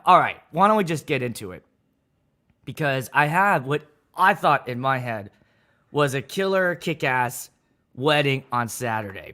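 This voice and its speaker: A man from the Pittsburgh area, a wedding DJ, hosts a casual livestream in a fairly high, bright, forceful voice. He talks loosely and energetically, greets viewers, and swears freely.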